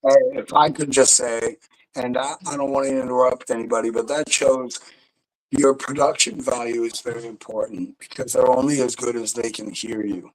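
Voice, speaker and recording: A raspy-voiced man with a mid-range pitch talks through a video call, coaching comedians. He is animated and emphatic, cursing freely as he makes his points. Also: normal speed, poor audio. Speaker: comedy coach giving critiques. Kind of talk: casual chat.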